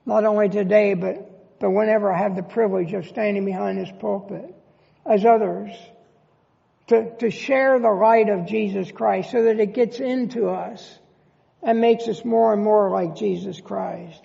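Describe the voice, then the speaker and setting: Pastor, male, slow emphatic sermon delivery, high gravelly voice. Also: fairly even intonation. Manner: emphatic preaching with rhetorical questions. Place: church sanctuary. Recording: long church reverb, dull lo-fi sound.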